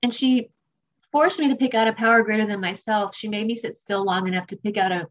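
A woman's voice: mid-range voice, steady tone, a little fast, muffled recording. A woman giving a candid, emotional recovery testimony at a meeting, often self-mocking.

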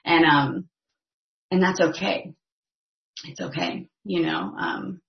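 A woman's voice: on the low side, slow, vocal fry, long pauses. A woman giving a personal testimony at a recovery meeting, talking casually with many fillers. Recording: echoey, slightly dull recording.

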